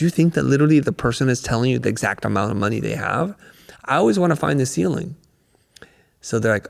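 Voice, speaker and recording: Middle-aged male guest, gravelly, animated storyteller, reverberant hall sound. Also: mid-range voice, quick pace. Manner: animated storyteller, acts out quotes. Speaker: guest, creative business coach. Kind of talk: podcast interview storytelling.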